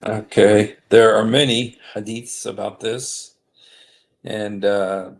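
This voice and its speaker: On a casual livestream, a host with a low, gravelly, steady voice reads texts aloud through a desktop streaming mic. He goes slowly and haltingly, filling pauses with fillers and frequent apologies.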